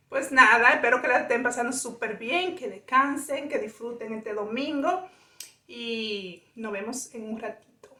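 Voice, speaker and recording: A woman's voice: a little high, moderate pace, sharp tone, dry recording. A woman chatting casually to her viewers while on an outing. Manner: chatty, upbeat sign-offs to viewers. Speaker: vlogger. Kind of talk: casual vlog chat to viewers.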